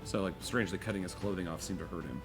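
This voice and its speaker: A man's voice: low-pitched, very fast, over loud music. A man narrating as game master of a tabletop game, in a loose, easygoing way with lots of "you know".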